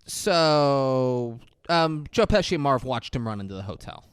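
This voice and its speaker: A man's voice: medium pitch, unhurried, clear, resonant tone. Swearing man recapping a movie. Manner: animated storyteller, acts out quotes, swears freely. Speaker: podcast co-host. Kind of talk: casual movie recap chat.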